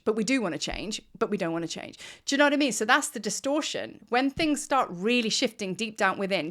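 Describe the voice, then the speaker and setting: A middle-aged woman teaching spiritual ideas in a loose, chatty vlog, seated at her desk at home. Her voice sits a little high, and she stacks repeated words for emphasis with real enthusiasm. The talk is casual and direct, as if to friends. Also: animated, a little fast, few pauses, a bit bright.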